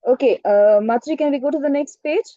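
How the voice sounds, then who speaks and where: A woman's voice: high voice, a little fast, no echo, muffled recording. A woman teacher telling a story in an online class, often asking questions and checking "right?". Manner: asks the class questions, frequent "right?" and "okay". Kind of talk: storytelling lesson for children.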